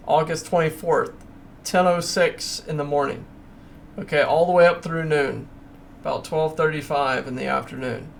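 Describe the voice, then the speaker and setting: A man's voice: on the high side, a little hiss or hum. A man hosting his own channel, talking casually and emphatically as he walks through price charts, with ranting asides. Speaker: crypto channel host. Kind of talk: casual screen-share chart walkthrough.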